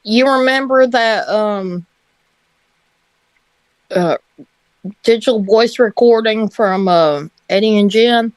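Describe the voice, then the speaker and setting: A woman's voice: on the high side, slow, long pauses, clean tone, dry recording. A woman telling a casual story on a livestream, hesitant and often laughing.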